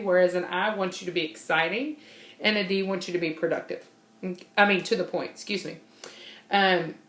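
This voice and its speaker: A woman's voice: mid-range voice, fairly bright tone. Bubbly woman in an echoey room. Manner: bubbly, fidgety, laughs often. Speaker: trainer. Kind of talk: informal personality-type training talk.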